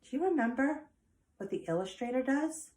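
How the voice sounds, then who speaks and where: A woman's voice: high-pitched, expressive, moderate pace, a little mellow, roomy sound. A woman teacher leading an online lesson for young children, in a sing-song voice that acts out animal sounds. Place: home.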